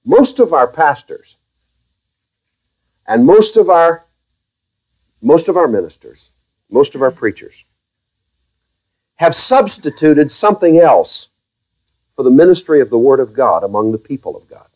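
A man preaching a sermon as pastor to his own congregation, speaking carefully, with restarts and wry, gently sarcastic asides. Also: on the high side, sing-song, measured pace, long pauses, poor audio.

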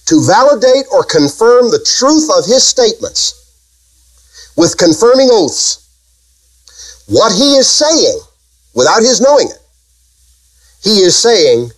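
Guy preaching, voice swings up and down a lot, kinda high, keeps asking the crowd questions. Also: low-quality recording. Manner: emphatic, rhetorical questions to the congregation. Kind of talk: sermon.

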